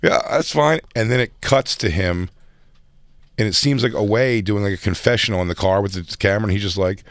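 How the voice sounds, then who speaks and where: A man's voice: fairly low pitch, steady tone, a little fast, no room sound, clean studio sound. A man hosting a casual podcast, telling a story and acting out what people said. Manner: storytelling, acts out quotes. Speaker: podcast host. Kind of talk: casual chat.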